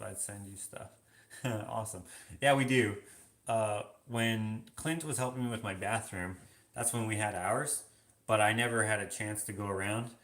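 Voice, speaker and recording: A man's voice: lowish voice, vocal fry, fairly bright tone. A man chatting casually on a live stream, reading viewer comments aloud and answering with loose, filler-heavy talk. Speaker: vlogger answering viewer questions. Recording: roomy echo.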